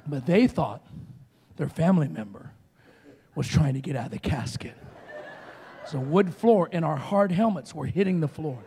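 A middle-aged man preaching as a guest speaker, telling stories with animated energy and shouted outbursts. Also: on the high side, normal speed, pauses often, big-room sound, a little hiss or hum. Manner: animated storytelling, shouting quoted screams. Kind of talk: sermon.

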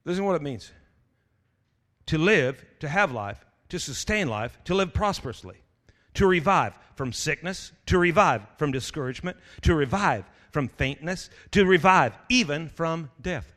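A man preaching an energetic sermon as pastor, full of stammered restarts, jokey asides and sudden shouted exclamations. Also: fairly high pitch, normal speed, in a large hall.

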